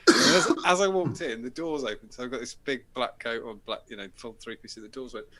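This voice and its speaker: A man's voice: medium pitch, a little fast, pushed and bright. A British man hosting a show, chatting in a casual, sweary way and laughing as he tells stories and reads news items. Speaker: host. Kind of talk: casual banter and reading news.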